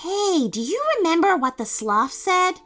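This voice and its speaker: A woman voicing a clever, eager young girl explorer who sounds bright and excited. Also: very high-pitched, a little slow, soft background music, pitched above the performer's own voice, heavily acted.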